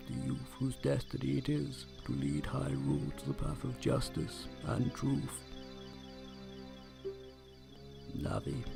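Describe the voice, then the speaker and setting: Man doing a ancient tree spirit, solemn, old-man voice, archaic wording, gravelly. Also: mid-range voice, exaggerated voice. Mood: urgent.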